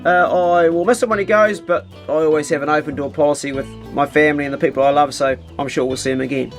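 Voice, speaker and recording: A man with a New Zealand accent hosting a vlog, chatting casually to camera in a relaxed, easygoing way with plenty of slang. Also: a little high, quick pace, hardly any pauses, faint music behind. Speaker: vlogger host.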